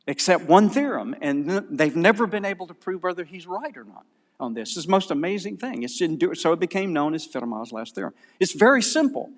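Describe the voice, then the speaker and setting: A man with a Southern American accent giving an animated, digressive conference lecture, often correcting himself mid-sentence. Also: fairly high pitch. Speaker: conference speaker. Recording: long hall reverb.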